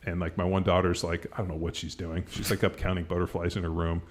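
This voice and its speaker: A man's voice: sits low, flat delivery, quick pace. A middle-aged man hosting a podcast in casual chat, rambling with lots of "like" and the odd swear word. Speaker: podcast host.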